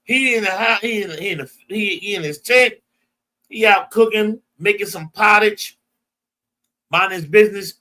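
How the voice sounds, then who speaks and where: His voice is high-pitched, pushed and bright, moving at a normal speed. This American Bible class teacher is emphatic, prompting a reader in call-and-response fashion and paraphrasing scripture in casual slang.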